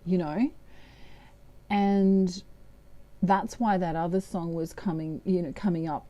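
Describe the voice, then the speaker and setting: A woman's voice: lowish voice, fairly even intonation, takes it slowly, long pauses, warm tone, dull audio. An Australian woman giving a casual, meandering tarot reading. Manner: chatty, meandering, breaks into humming. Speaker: tarot reader.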